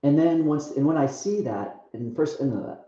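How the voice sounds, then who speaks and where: A young man tells a rambling personal story, stopping and restarting and leaning on filler words. His voice is mellow and dark. It is heard in a very echoey room through a muffled, lo-fi recording. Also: fairly high pitch, lively intonation. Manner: halting, full of restarts and "like". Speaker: speaker sharing a testimony.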